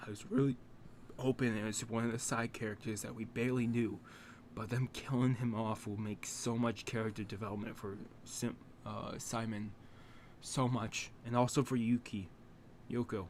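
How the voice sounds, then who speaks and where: A young man talking to camera after watching an anime episode, halting and close to tears, swearing and restarting his sentences. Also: on the low side, level tone, slight background noise. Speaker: anime reaction channel host. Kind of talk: emotional reaction talk to camera.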